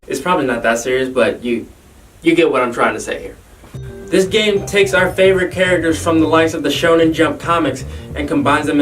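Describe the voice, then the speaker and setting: A man hosting a hyped gaming video, energetic and jokey with self-mocking asides. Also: fairly high pitch. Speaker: host. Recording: distant mic with music. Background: background music.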